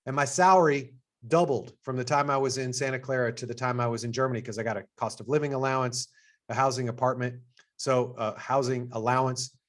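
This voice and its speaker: A middle-aged man with a Texas accent, hosting an information session as assistant dean. He talks in an upbeat, conversational way and jumps up in pitch to stress his points. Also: steady tone, fairly quick. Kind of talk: presentation to prospective students.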